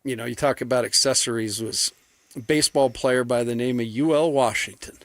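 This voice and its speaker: Brief Male radio co-host, mid pitch, dry close mic, easygoing wry banter. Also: fairly quick, fairly bright tone, no echo.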